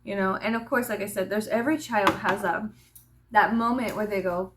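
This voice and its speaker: A woman vlogger chatting casually, telling an animated, profane story with laughing asides. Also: medium pitch, normal speed, background noise.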